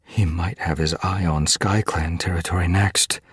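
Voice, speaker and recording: A man reading an audiobook, voicing an injured female medicine cat in a soft, steady way, his voice lifted for her. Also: low-pitched, normal speed, breathy edge, no room sound, studio quality, pitched above the performer's own voice, full character voice. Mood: gentle.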